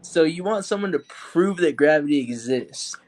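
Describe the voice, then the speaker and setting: A man joining a casual debate who speaks hesitantly, with halting starts. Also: a little high, lively intonation. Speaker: debate participant. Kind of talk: casual chat.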